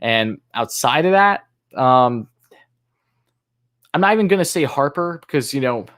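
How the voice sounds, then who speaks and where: A man's voice: mid-range voice, lively intonation, a little slow, fairly bright tone. A man hosting a live fan stream, calling plays in an announcer-like way between casual, hesitant answers to chat. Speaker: livestream host and fan commentator.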